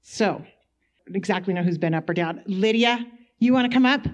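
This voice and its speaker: A woman's voice: medium pitch, normal speed, dull audio. A woman sharing a personal faith testimony at a church gathering, telling it in a chatty way and acting out her own asides.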